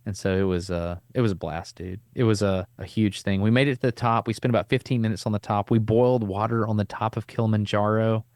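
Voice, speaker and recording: A middle-aged man hosting a podcast, telling a long personal story in a casual, animated way, with easy slang. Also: fairly low pitch, fast, hardly any pauses, no echo, studio quality. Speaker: podcast host.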